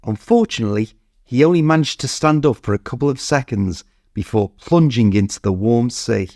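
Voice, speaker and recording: A man with a British accent reading a story clearly and steadily for English learners. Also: mid-range voice, expressive, moderate pace, a little mellow, no echo, studio quality. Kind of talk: scripted narration.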